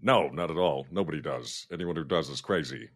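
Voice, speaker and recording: Deep-voiced dude from minnesota, guest on a radio show, jokey and loose, dry sound. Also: male voice, a little fast, dry recording. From Minnesota, USA. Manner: loose, joking, relaxed. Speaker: podcaster guest. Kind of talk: casual interview chat.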